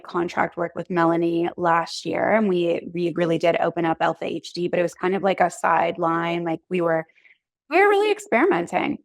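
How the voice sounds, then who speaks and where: A woman in her thirties, a podcast guest and coach, telling her story in a chatty, animated way full of "like"s. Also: lowish voice, vocal fry, no echo. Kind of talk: casual conversational interview.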